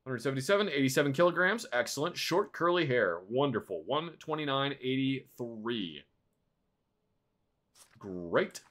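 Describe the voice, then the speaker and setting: A man's voice: mid-range voice, animated, normal speed, fairly bright tone. A man streaming a game live, chatting in a playful, teasing way and bantering like a stern border official.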